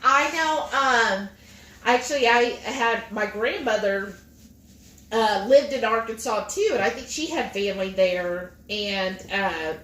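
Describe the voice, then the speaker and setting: A woman's voice: medium pitch, measured pace. A woman, co-hosting a casual livestream and chatting while reading viewer comments aloud. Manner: chatty and expressive, reads comments aloud in bright voices. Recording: roomy echo with faint noise.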